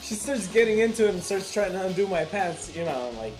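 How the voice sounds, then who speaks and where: A man's voice: high voice, animated, brisk, hardly any pauses, music in the background, poor audio. A man co-hosting a podcast, telling a crude dating story in loose casual chat, full of "like". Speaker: podcast co-host.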